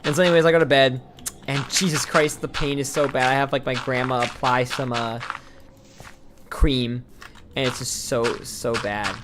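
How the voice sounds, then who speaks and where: A man's voice: medium pitch, fairly even intonation, normal speed. A man streaming, telling a long rambling story while he plays, full of "like" fillers and restarts. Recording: noisy home stream mic with clicks.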